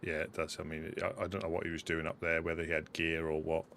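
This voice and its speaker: Low flat-voiced man telling a story. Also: quick pace, slight background noise. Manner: steady, level storytelling with fillers. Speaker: fellow player. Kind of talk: casual chat while gaming.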